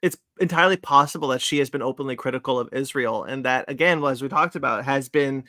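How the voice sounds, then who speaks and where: A man's voice: mid-range voice, fast, pushed and bright, no echo, clean studio sound. A man hosting a podcast, casually wrapping up the show with plugs and thanks, full of ums and uhs. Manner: rambling, lots of fillers while reading out plugs. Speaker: podcast host. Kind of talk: casual podcast chat and sign-off.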